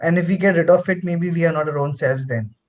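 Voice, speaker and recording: Mid pitch, hesitant, halting, personal reflection, dull lo-fi audio. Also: a little hiss or hum. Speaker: panel participant. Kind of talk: casual conversation.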